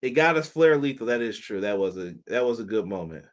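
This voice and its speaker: A man's voice: lowish voice, lively intonation, brisk. A man hosting a casual wrestling review show, talking loosely with laughs, curses and mock voices. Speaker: wrestling podcast host.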